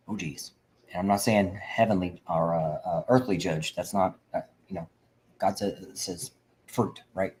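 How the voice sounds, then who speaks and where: This veteran advocate from Indiana speaks on a livestream in a low, darkish, expressive voice, unhurried in delivery. He preaches with fervor and rambles, often starting over. The audio quality is rough.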